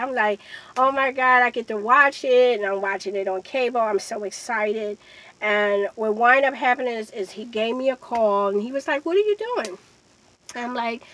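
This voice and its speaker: A woman's voice: fairly high pitch, rough recording. A young woman vlogger telling a personal story in a casual, conversational way, rising sharply when she quotes people. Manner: conversational, animated when quoting others. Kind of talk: storytime monologue.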